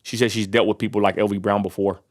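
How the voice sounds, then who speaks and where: A man's voice: on the low side, level tone, fast. A man from Texas delivering an angry, fired-up vlog rant, preacher-like and full of Southern turns of phrase. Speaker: vlogger. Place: outdoors near a roadside lot.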